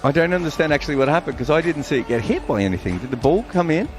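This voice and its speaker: Fast-talking joking cricket pundit, man. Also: on the high side, big pitch swings, faint music behind. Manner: quick, joking, playfully opinionated. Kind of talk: expert co-commentary.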